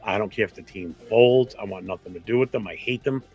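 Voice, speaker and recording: A low, gravelly New England voice belongs to a man hosting a casual sports fan stream. He is blunt and opinionated and swears freely. Faint music plays behind him. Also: brisk, darkish tone, dull audio. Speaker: fan show host.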